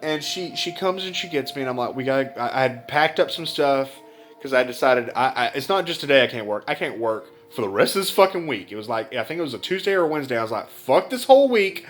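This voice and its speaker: A man's voice: mid-range voice, lively intonation, fast talker, fairly bright tone, faint music behind. Blunt, foul-mouthed young man telling a story. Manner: blunt, heavy swearing, emotional retelling. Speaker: vlogger. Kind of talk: casual storytelling vlog.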